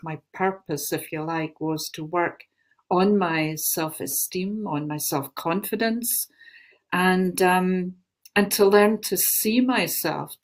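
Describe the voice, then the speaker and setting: Slow-spoken older Glaswegian woman. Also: fairly low pitch. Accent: Glaswegian Scottish. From Scotland. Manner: unhurried, gentle, with many fillers. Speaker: guest spiritual teacher. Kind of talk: casual spoken talk.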